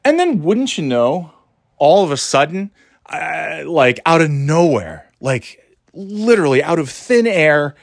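A man's voice: a little high, very animated, a little slow, creaky, dry recording. Guy ranting about a store trip, swears a lot, keeps laughing, totally dry close sound. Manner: profane, laughing, exasperated, many restarts. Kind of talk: casual storytelling rant.

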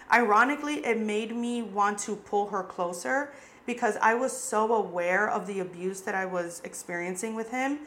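A woman's voice: on the high side, fairly bright tone. A young adult woman hosting a podcast, telling a personal story in a candid, casual way, full of "like" fillers and swearing. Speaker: podcast host.

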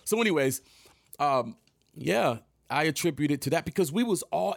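A man in his thirties telling a casual, profane story to his viewers in an animated way, often jumping into other people's voices. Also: a little high, normal speed, vocal fry, no echo, clean studio sound.

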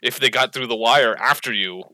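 Man, casual podcast chat, bright voice, dry close sound, blunt, swears, laughs between phrases. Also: medium pitch, moderate pace, dry recording, rough recording.

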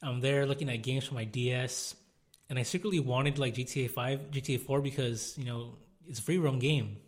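A young man, co-hosting a podcast in relaxed, slangy chat. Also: mid-range voice, fairly quick. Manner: relaxed, chatty, casual slang. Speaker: podcast co-host. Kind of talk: casual chat.

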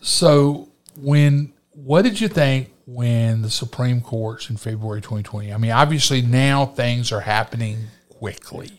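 A man's voice: mid-range voice, unhurried, few pauses. A man hosting an interview show, talking conversationally and asking leading questions. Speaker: show host. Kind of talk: casual interview.

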